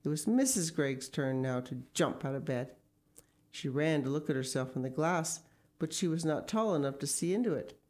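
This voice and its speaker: A woman reads a children's storybook aloud in a low voice. Her delivery is expressive, with lively rises and falls in pitch. Now and then she breaks off for relaxed, casual asides. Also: moderate pace. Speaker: story reader. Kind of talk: reading a children's book aloud.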